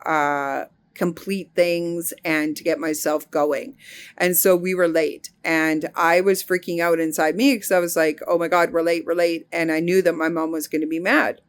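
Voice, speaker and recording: A middle-aged woman speaks in a somewhat low voice, sharing a reflective spiritual monologue. She is earnest and unhurried, and she often restarts a phrase as she searches for the right word. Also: steady tone, clear, resonant tone. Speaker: spiritual healing teacher.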